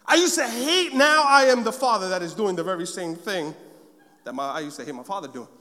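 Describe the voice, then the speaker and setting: Speaking fairly quickly, a very high-voiced man preaches to a congregation and brings a personal story to life by acting out lively moments. His voice echoes with the lengthy reverb of a big hall.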